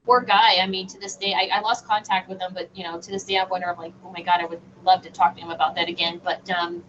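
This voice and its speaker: A woman guest on a radio show, telling a personal story in an animated, halting way with many fillers. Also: fairly low pitch. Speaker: guest medium. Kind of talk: casual storytelling in a radio interview. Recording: distant, dull lo-fi sound with faint noise.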